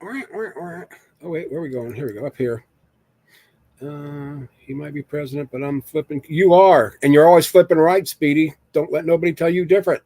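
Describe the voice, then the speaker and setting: A man's voice: on the high side, moderate pace, warm tone, no room sound. A man casually chatting with viewers on a live stream, rambling and joking as he reads the chat aloud.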